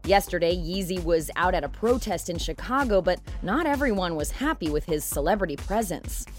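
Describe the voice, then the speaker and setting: A woman entertainment news correspondent giving a steady, measured scripted report. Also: on the low side, over music.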